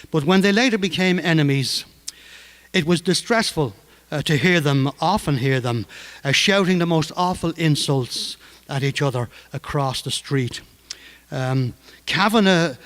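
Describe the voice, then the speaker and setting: Older man telling stories. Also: fairly high pitch. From Ireland, Dublin. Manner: humorous, lively. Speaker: storyteller. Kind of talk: anecdotal storytelling.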